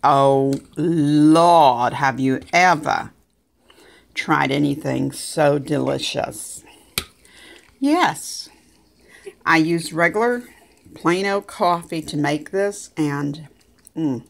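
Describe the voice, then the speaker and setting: A woman chatting casually in her home kitchen, talking homey and cooing at her dog in a high sing-song voice. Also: takes it slowly, creaky. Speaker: vlogger. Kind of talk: casual kitchen vlog chat.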